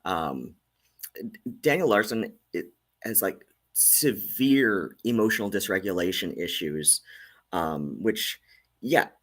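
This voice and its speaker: A man's voice: sits low, lively intonation, takes it slowly, pauses often, fairly bright tone. A man hosting and giving casual commentary, hesitant with many fillers and restarts. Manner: hesitant, many ums and likes. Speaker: host.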